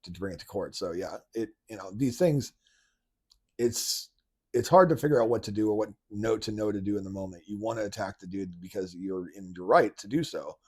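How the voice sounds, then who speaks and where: Husky man rambling through commentary. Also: on the low side, a little fast, a little mellow. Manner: rambling, many restarts and fillers. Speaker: commentary channel host. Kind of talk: casual political commentary.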